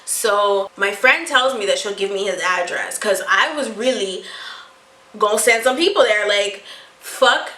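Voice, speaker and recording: A young adult woman telling a storytime vlog to her viewers, animated and full of swearing. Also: medium pitch, moderate pace, echoey room, rough recording. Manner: animated, profane storytelling, often addressing viewers. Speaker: vlogger.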